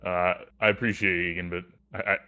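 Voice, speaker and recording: A man voicing an earnest young male adventurer in a tabletop game, with halting, apologetic speech. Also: deep voice, little pitch movement, pushed and bright, smooth, muffled recording.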